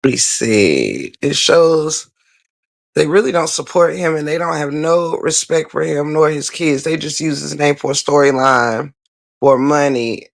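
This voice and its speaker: A woman's voice: low voice, expressive, measured pace, creaky, no echo, clean studio sound. A woman hosting a livestream, ranting bluntly and profanely while answering viewer comments, repeating her points for emphasis. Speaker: livestream host.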